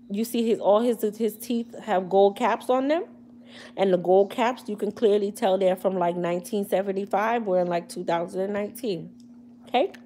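A woman's voice: mid-range voice, warm tone. Woman doing a hair care live, slangy and funny, talking to viewers, bit of hum in the back. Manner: chatty, comedic, slangy, addressing viewers directly. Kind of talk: casual livestream talk.

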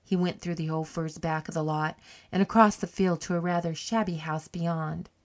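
Calm woman reading a story. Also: on the low side, moderate pace. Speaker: audiobook narrator. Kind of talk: scripted narration.

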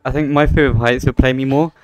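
Young man, relaxed rambling gamer chat, smooth clear voice, dry mic. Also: medium pitch, quick pace, no room sound, dull audio. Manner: relaxed, rambling, laughs easily. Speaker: gameplay co-host. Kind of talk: casual co-op gameplay chat.

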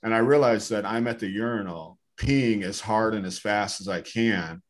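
Low-voiced male stand-up comic. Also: moderate pace. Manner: deadpan storytelling, acts out characters. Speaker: stand-up comedian. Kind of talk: stand-up storytelling. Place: comedy club stage.

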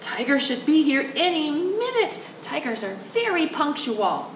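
Animated high-voiced librarian woman at storytime. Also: unhurried, echoey room, recorded from a distance, a little hiss or hum, poor audio. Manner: animated, coaxing, speaks directly to the kids. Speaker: children's librarian. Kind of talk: reading a picture book aloud to young children.

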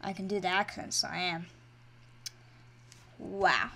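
A woman giving casual commentary over her own game as a channel host, excitable and shifting from quiet mumbling to loud, high shrieks. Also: slow pace, gravelly, pauses often.

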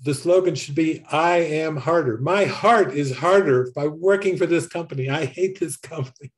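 A man's voice: a little high, normal speed, lightly acted. A man voicing an angry car rental clerk who grumbles about his job. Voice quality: gruff, fuming.

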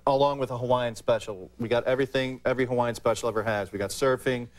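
A man, a comedian guest, telling a deadpan anecdote with many fillers in a TV studio. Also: mid-range voice, fast. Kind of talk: talk-show anecdote.

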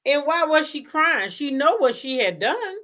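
A woman's voice: high-pitched, sing-song, unhurried, a bit bright. A woman hosting a casual commentary show, talking emphatically, repeating her points and firing off rhetorical questions. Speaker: commentary host.

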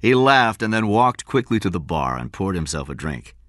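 A man narrating an audiobook story in a measured, expressive way. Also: deep voice, dry recording, clean studio sound. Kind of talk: scripted narration.

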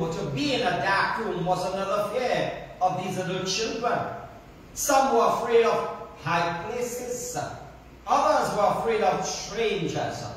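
A man preaches in a slow, sing-song cadence, his voice pitched high for a man. He is picked up from a distance in a very echoey hall with a long reverb tail. Faint room noise sits underneath. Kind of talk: sermon with illustrative stories. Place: church service hall.

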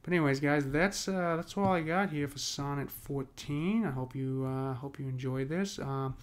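This poetry teacher's voice runs on the high side, moving at a moderate pace. His casual talk on meter meanders, full of restarts and repeated "right?" check-ins.

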